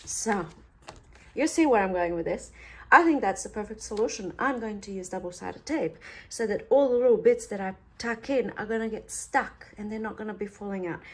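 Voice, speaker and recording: Chatty, playfully sarcastic craft woman. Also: mid-range voice. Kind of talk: casual craft tutorial chat.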